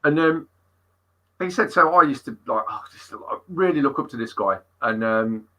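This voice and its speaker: A middle-aged man, a fitness coach being interviewed, telling stories in an animated way and swearing freely. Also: mid-range voice, moderate pace, low-quality recording. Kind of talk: casual interview storytelling.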